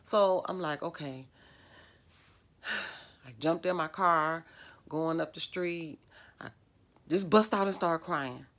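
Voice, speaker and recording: A woman's voice: deep voice, slow, pauses often, a bit bright. A middle-aged woman, telling a personal story in a vlog, emotional and rambling with many fillers. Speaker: vlogger.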